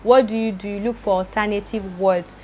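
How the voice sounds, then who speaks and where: Stuttering fast-talking woman. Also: mid-range voice, steady tone, darkish tone, slight background noise. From Nigeria. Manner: fast talker with frequent stutters and repeated words. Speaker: vlogger. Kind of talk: personal talk to camera.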